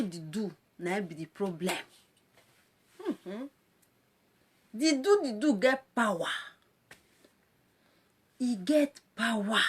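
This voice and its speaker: A woman's voice: fairly high pitch, bright, forceful tone. Mocking Nigerian woman ranting live. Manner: mocking, scolding, laughs often between lines. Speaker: social media presenter. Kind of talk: live video rant.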